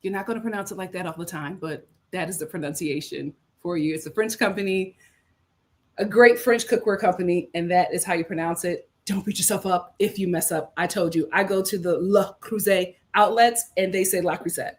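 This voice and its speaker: A woman's voice: on the low side, a little fast. American woman, casual livestream host, upbeat and talkative, rambling asides. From United States. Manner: chatty, upbeat, lots of fillers and asides. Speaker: lifestyle streamer.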